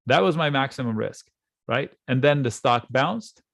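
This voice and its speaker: A man teaching options trading in a relaxed, conversational way, acting out panicked traders in quick asides while he draws on charts. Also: mid-range voice, gravelly, dry recording, clean studio sound. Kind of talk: screen-share trading lesson. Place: at a computer, drawing on charts.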